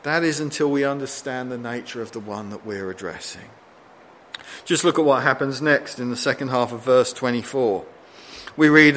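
A man preaching a sermon, reading scripture aloud and acting out pleading quotes with rising intensity, slowing down for emphasis. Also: medium pitch, fairly bright tone, slight background noise.

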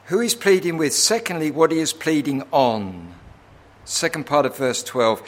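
A man preaching a sermon earnestly, with tag questions, who swells to impassioned, near-shouted pleading when voicing prayers. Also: on the high side, lively intonation, normal speed.

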